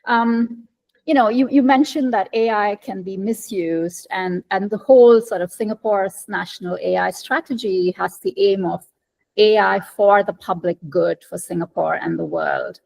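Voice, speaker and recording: A woman moderating an online panel, her voice carrying a gravelly fry. She asks probing, conversational questions at a middle pitch. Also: normal speed, darkish tone, low-quality recording. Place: virtual roundtable, video call.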